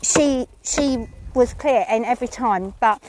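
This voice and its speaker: A woman's voice: on the high side, a little slow, background noise. A woman chatting casually about her lesson, rambling and self-mocking, with frequent ums. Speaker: horse rider reviewing her lesson. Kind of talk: casual chat.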